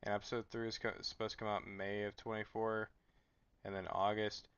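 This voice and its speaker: A man's voice: on the low side, little pitch movement, brisk, fairly bright tone, smooth, no echo. A sleep-deprived man streaming late at night, chatting casually and rambling with stammered restarts. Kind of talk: casual live stream chat. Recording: dull lo-fi mic.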